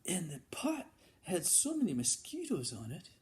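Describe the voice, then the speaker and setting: A man's voice: a little high, moderate pace. Folksy man spinning a tall tale. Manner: animated, with buzzing and banging sound effects and frequent restarts. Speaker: storyteller.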